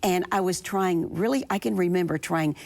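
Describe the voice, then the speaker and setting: A woman with a low, gravelly voice speaks on a studio talk show. She talks in an earnest, confiding way. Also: normal speed, darkish tone. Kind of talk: casual chat.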